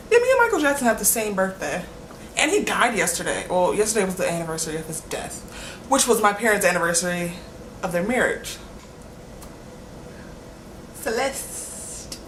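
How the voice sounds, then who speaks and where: A woman's voice: medium pitch, fairly bright tone, a little hiss or hum. A young woman rambling in a casual vlog, giggly and apologetic, stringing thoughts together with lots of "like". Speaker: vlogger. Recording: echoey room with faint ambience.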